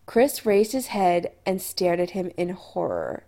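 Expressive woman narrating a story. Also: on the low side, measured pace, gravelly. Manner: expressive storytelling with lively intonation. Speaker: audiobook narrator. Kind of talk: scripted narration.

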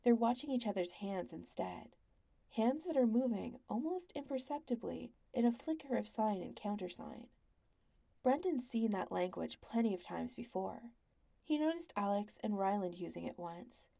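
A woman narrating a story in an even, measured audiobook style. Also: medium pitch, gravelly.

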